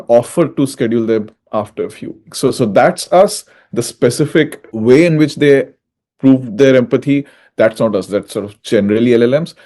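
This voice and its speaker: A man, a tech executive guest, explains how things work. He speaks matter-of-factly. His voice has a mellow, warm tone. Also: medium pitch. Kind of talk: interview answers.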